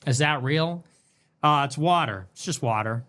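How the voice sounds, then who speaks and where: A man hosting a livestream, reading and answering viewer messages in a sarcastic, mocking way that swings between loud outbursts and low mutters. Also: normal speed. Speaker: livestream host. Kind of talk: livestream commentary reading super chats.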